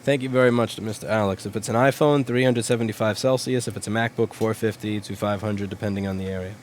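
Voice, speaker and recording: A man's voice: on the low side, steady tone, fast, a little hiss or hum. A young man hosting a casual livestream, answering viewers' questions in a blunt, rambling, profane way. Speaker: livestream host, repair shop owner.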